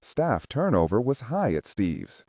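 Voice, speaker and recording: A man narrating a spy thriller audiobook in a measured storytelling manner. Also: mid-range voice, sing-song, a little mellow, no echo, clean studio sound. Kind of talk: scripted narration.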